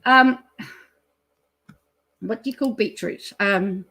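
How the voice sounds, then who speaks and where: A middle-aged Australian woman, the host of her own channel, chatting casually and rambling as she reads out a fast-food menu, with many ums and some excited laughter. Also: mid-range voice, vocal fry. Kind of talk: casual chat reading a menu aloud.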